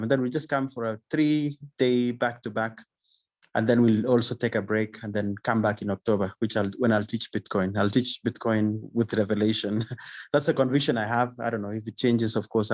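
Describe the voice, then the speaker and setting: Male host on a video call, casual and halting, repeats words, animated bursts. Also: lowish voice. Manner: halting, repeats words, laughs often, animated when excited. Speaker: community session host. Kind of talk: casual online session talk.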